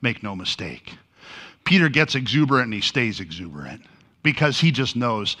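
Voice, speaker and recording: A pastor preaching a sermon, telling a story with lively energy and acting out the lines he quotes. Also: mid-range voice, moderate pace.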